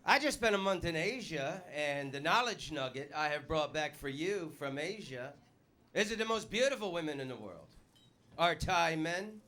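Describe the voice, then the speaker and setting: Man, stand-up comic, high voice, punchy, handheld mic on a club stage. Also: animated, normal speed, noisy background. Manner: loud punchy delivery, puts on voices for jokes. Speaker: stand-up comedian. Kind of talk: stand-up comedy set.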